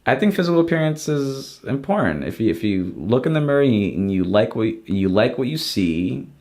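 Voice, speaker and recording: A man's voice: medium pitch, very animated, fairly quick, darkish tone. A young adult man, a podcast guest, chatting casually and rambling with many restarts. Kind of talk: casual chat.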